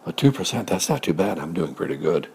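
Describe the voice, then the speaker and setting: A man voicing a confused, good-natured little pig in a storybook tale, talking in excited, fretful exclamations. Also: deep voice, a little fast, breathy edge, exaggerated voice. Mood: dizzy, fretful.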